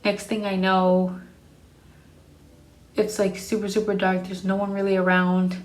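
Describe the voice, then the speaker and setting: A woman's voice: mid-range voice, monotone, measured pace, a little mellow, roomy sound. A young adult woman telling a personal story in a casual storytime vlog, frank and profane. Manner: frank and profane, blunt retelling.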